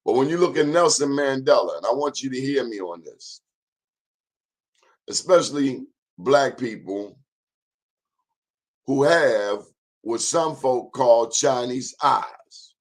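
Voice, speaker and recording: A man's voice: mid-range voice, animated, slow, pauses often. A man in his fifties hosting an informal history talk, emphatic and repetitive, urging listeners to check the facts themselves. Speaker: host.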